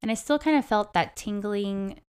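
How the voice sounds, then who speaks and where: A woman's voice: mid-range voice, moderate pace, darkish tone, smooth. A young adult woman telling a personal story in a casual talk with a host, chatty and full of "like". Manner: chatty, heavy use of "like". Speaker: interview guest.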